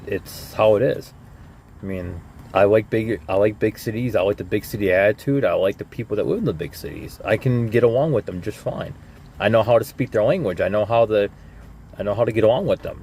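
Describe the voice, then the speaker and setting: Give me a rambling young man on a live stream, fairly low voice, lots of "you know"s. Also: darkish tone, slight background noise. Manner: rambling, repeats words, many "you know"s. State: coughing lately. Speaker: vlogger. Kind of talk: casual live-stream monologue.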